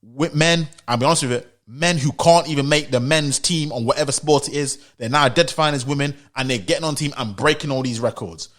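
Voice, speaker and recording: A man's voice: mid-range voice, a little fast, few pauses, fairly bright tone. A British man giving an opinion commentary monologue, insistent and emphatic, driving his points home with rhetorical questions and repetition. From United Kingdom. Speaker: opinion vlogger.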